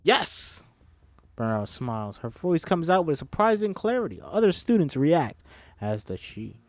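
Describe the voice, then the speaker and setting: Lively man reading a script aloud. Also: a little high, moderate pace, dry recording. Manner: lively, self-deprecating asides. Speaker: script reader. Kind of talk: casual script read-aloud with asides.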